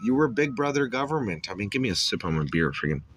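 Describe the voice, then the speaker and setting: A man's voice: medium pitch, animated, quick pace, fairly bright tone, slight background noise. A man hosting his podcast, telling stories in a rambling, profane, boastful way. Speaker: podcast host. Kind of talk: casual monologue.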